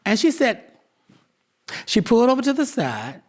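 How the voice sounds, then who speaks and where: A man who founded a theatre troupe, being interviewed and telling stories in an animated way, acting out the voices of the people he quotes. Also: very high voice, normal speed, long pauses. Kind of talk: storytelling interview.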